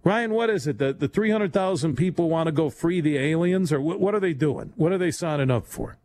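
A man hosting a late-night radio talk show, rambling and animated, laughing often as he talks. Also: fairly high pitch, brisk.

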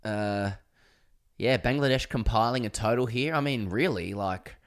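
A man's voice: medium pitch, moderate pace. An Australian man co-hosting a cricket podcast, joking and rambling through chat and playful ad reads. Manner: joking, rambling, mock-grandiose. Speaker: podcast co-host.

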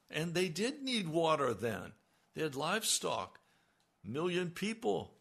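A man preaching a sermon, slow and emphatic, his voice rising on key lines. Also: fairly high pitch, very animated, vocal fry, fairly bright tone, slightly rough. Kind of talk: radio sermon.

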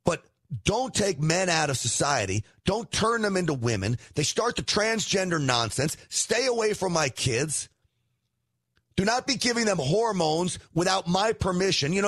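A man's voice: sits high, husky, no echo. A middle-aged man hosting a political show, delivering an emphatic, indignant opinion monologue. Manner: emphatic, indignant, rising to near shouts.

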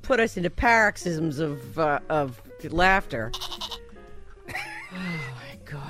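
A woman's voice: sits low, expressive, slow pace, fairly bright tone, faint music behind. Sarcastic, teasing woman radio host. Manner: teasing and sarcastic, laughs often. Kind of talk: casual banter on a morning show.

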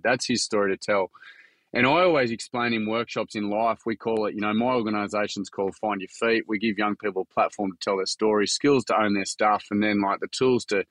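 Earnest Australian bloke, lowish voice. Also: male voice, a bit bright, no echo. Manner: blokey, earnest, frank with mild swearing. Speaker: charity founder and workshop facilitator. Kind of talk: casual storytelling chat.

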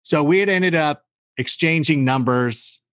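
A man telling stories in casual podcast chat, animated and acting out the voices of the people in them. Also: on the high side, unhurried, no echo, studio quality. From California. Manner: animated storyteller, acts out quoted voices. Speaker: guest.

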